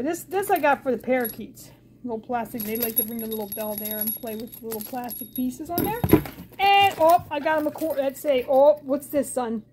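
A woman with a high voice unpacks new things for her pet bird at home. She coos at the bird in a sing-song baby-talk tone, then turns back to the viewers with calmer explanations. Faint household noise sits under her voice. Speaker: pet bird owner filming her parrot. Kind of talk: casual home vlog.

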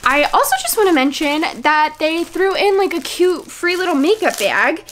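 A young woman with a Midwestern American accent talks through a product review vlog in a casual, bubbly way. Her voice sits high, and she is eager and full of fillers as she chats. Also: animated, normal speed, a bit bright, slight background noise. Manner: bubbly and enthusiastic, many fillers. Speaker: vlogger.

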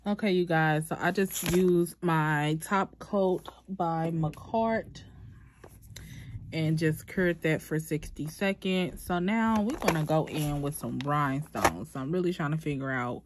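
A young woman with a low-pitched voice walks viewers through her nail routine in a casual, chatty tone. She keeps calling her audience "y'all," and a faint background hiss sits under the recording. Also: a little slow. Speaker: nail tutorial vlogger. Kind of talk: casual tutorial chat.

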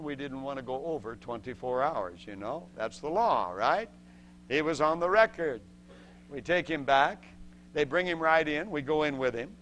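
A man preaching a sermon as a testimony, telling a story with lively acted-out voices and laughs between points. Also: on the high side, a little hiss or hum. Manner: acts out voices in the story and shouts the excited parts.

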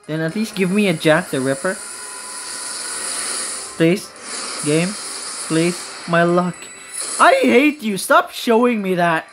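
A woman's voice: low voice, low-quality recording. A woman hosting a gaming video, giving casual commentary on her game pulls in an anxious, pleading, dramatic way.

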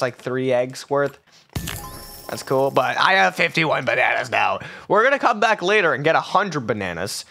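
Excitable, high-pitched young man gaming. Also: slight background noise. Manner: excitable, melodramatic, jumps to squeaky yelps. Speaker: gaming YouTuber. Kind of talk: gameplay commentary.

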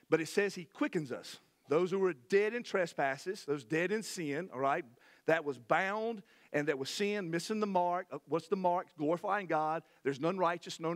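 A middle-aged man, preaching a sermon to his church in a folksy, animated way with many restarts. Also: fairly high pitch. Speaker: pastor. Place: church sanctuary.

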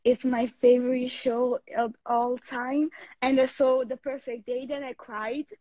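A young woman from Italy speaks English with an Italian accent over a video call, shaky and teary with excitement. Her voice is high and her speech slow. The call audio is dull and dry. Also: no echo. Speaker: fan caller. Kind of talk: casual video call chat.

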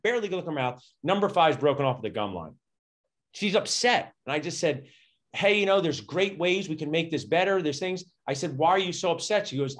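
A middle-aged man, a dentist, telling stories energetically and acting out quotes in a conversational interview. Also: brisk. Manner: energetic, acts out quotes with big pitch jumps. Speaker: dentist and podcast guest. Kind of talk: animated storytelling conversation.

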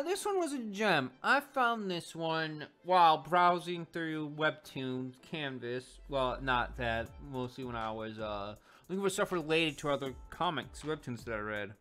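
A man chatting loosely about a web comic for his video audience. His delivery is lively and full of pitch swings, and he often circles back to fix his own phrasing. Soft music runs quietly behind him. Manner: rambling, self-correcting, animated. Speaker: comic reviewer. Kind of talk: casual video commentary. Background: faint background music.

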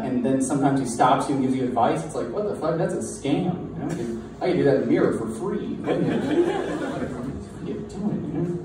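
A young man doing a halting, self-deprecating stand-up set in a bar taproom. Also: mid-range voice. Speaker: stand-up comedian. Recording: echoey distant room mic with crowd noise.

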